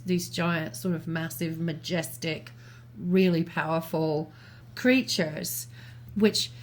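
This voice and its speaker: A woman co-hosting a talk show, reasoning aloud in a thoughtful, measured way with small restarts. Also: fairly low pitch. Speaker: podcast co-host. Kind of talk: reflective conversational commentary.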